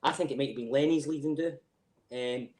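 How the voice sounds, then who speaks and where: With a medium-pitched voice and a fairly quick pace, this middle-aged Scotsman chats on a podcast as a guest, telling lively stories, laughing a lot and cursing without restraint. The recording is reverberant with slight background noise.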